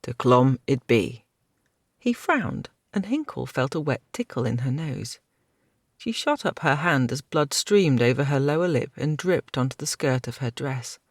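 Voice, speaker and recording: A man narrating a fantasy audiobook in an even storytelling manner. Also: a little high, normal speed, no echo, studio quality.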